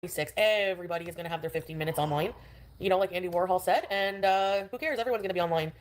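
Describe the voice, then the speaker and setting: A woman's voice: fairly low pitch, fast talker. A woman chatting casually on a livestream, rambling and defensive, with many fillers.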